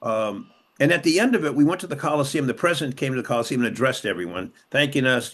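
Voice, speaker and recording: An older man from Los Angeles tells his story in an interview, pressing his points with repeated phrases. His voice sits in a middle pitch and swings up and down as the emotion takes hold. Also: lively intonation, fast, hardly any pauses, a bit bright. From Los Angeles, USA. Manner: impassioned, emphatic repetition; emotional retelling, voice rising and dropping sharply. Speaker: interview guest, former police officer and city councilman. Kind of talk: conversational storytelling.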